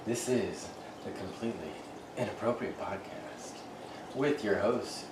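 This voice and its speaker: A man's voice: on the low side, a little slow. Middle-aged guy joking around on a podcast, bit far from the mic, echoey room, faint hiss. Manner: joking, rambling, laughs often. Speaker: podcast co-host. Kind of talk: casual chat. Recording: roomy, off-mic, faint noise.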